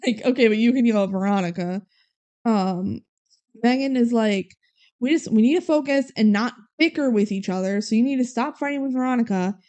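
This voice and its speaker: A woman's voice: on the high side, expressive, dark tone. Chatty woman recapping a movie. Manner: retells scenes with quick quoted voices and laughs. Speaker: podcast co-host. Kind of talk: casual movie recap chat.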